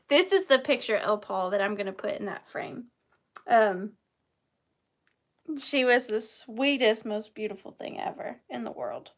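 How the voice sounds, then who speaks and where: A woman's voice: on the high side, moderate pace, a bit bright. A woman hosting a live online vintage sale, chatting casually and rambling with playful wordplay. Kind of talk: casual live-stream chat.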